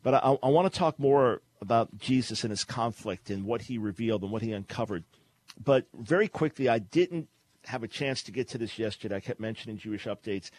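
A man's voice: medium pitch, animated, a little fast, darkish tone. A middle-aged man hosting a call-in radio talk show, speaking earnestly in a preaching, teaching manner and often restarting his words.

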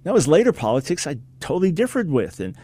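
A middle-aged man preaching on a broadcast, telling stories in a lively way and acting out the people he quotes. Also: quick pace. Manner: animated storytelling, acts out quoted people with big pitch jumps.

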